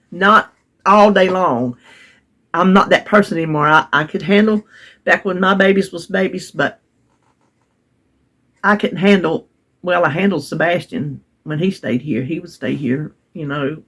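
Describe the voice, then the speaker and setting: A woman's voice: on the low side, husky. An older woman, chatting casually as a vlogger and telling a folksy family story with restarts and small laughs. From United States.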